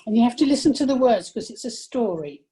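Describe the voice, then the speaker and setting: Older woman, from England, mellow tone, husky, reflective storyteller, halting restarts. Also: on the high side, lively intonation. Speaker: guest. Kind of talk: personal storytelling.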